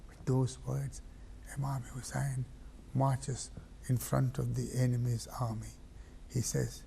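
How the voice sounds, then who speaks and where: A man preaching a mourning sermon. He tells the story dramatically, dropping to hushed whispers and rising to loud cries. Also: mid-range voice, little pitch movement, takes it slowly, creaky, slightly rough.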